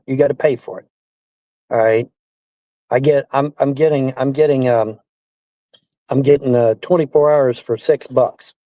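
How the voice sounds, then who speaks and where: A man's voice: mid-range voice, warm tone, no room sound. Profane ranting man, dull lo-fi sound. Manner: profane, repetitive, indignant. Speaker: streamer. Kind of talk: angry ranting livestream. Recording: dull lo-fi stream audio.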